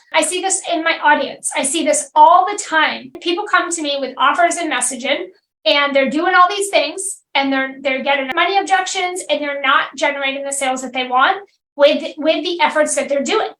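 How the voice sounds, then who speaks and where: High-voiced woman coaching with emphatic repetition. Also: fairly bright tone, reverberant, low-quality recording. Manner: direct, emphatic, repeats phrases for stress. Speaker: podcast host and business coach. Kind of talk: solo podcast monologue.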